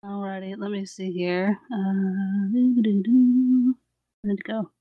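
A woman's voice: medium pitch, little pitch movement, unhurried, no room sound, narrow, tinny audio. A woman player in a tabletop game, chatty and laughing often. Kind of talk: casual tabletop game play.

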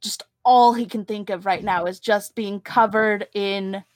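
A woman playing a tabletop game, telling her character's backstory in a slow, laid-back way. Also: medium pitch, fairly even intonation, no echo. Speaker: player. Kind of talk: tabletop role-play.

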